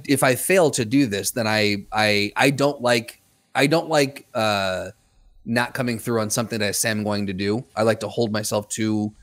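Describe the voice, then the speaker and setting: A man's voice: mid-range voice, dry recording. A man co-hosting a podcast in casual chat, joking and self-deprecating, often stopping and restarting as he thinks. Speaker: podcast co-host.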